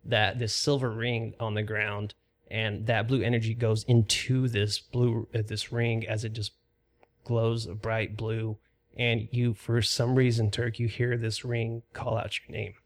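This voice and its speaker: A man narrating a tabletop role-playing game as game master, describing scenes in a calm, even way with fillers. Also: fairly low pitch, a little slow.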